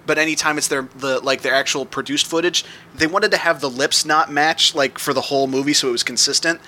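A man's voice: on the high side, brisk, sharp tone, slight background noise. A man guesting on a podcast, explaining things at length in a rambling, enthusiastic way. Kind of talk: casual podcast chat.

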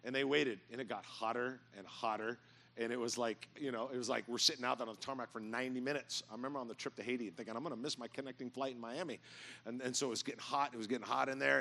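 Gravelly, bright-voiced man preaching. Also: mid-range voice, fast. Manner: animated, jokey storyteller, bursts into loud mock yelling. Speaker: pastor. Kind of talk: storytelling sermon. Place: church auditorium with audience.

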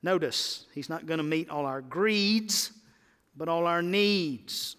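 Pastor, male, high tenor, exhorting his congregation, reverberant church. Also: takes it slowly, a bit bright, clean tone. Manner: rising to emphatic exhortations. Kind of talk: sermon.

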